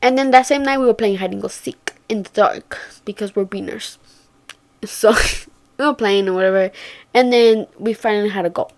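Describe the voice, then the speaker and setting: A young woman vlogger speaks in a mid-range, slightly mellow voice at normal speed. She's telling her viewers a story in relaxed chat, swearing a lot and voicing her friends' quoted remarks.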